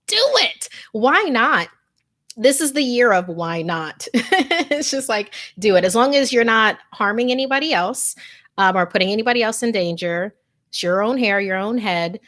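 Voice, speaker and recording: A woman's voice: medium pitch, animated, normal speed, a bit bright. A woman hosting a live stream, chatting casually and gushing over viewer comments with lots of fillers. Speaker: host.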